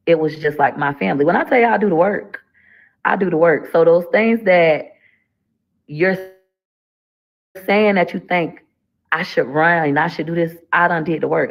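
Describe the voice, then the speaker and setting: A woman's voice: low-pitched, steady tone, moderate pace, muffled recording. A middle-aged woman, talking through a casual live-stream monologue in a preachy, emphatic way that repeats phrases. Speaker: livestreamer.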